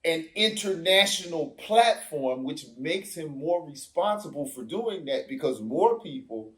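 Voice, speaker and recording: A man's voice: on the high side, unhurried. A man in casual podcast talk, telling stories animatedly and acting out what others said. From Africa. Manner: animated storyteller, acts out quoted voices. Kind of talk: casual discussion.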